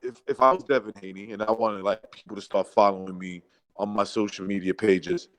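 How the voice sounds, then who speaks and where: A man's voice: lowish voice, fairly even intonation, fairly quick, a bit bright, no room sound, low-quality recording. A man co-hosting a boxing podcast, rambling and loose, with slang and swearing. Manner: rambling, says bro and dude, swears. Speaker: podcast co-host. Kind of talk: casual boxing chat.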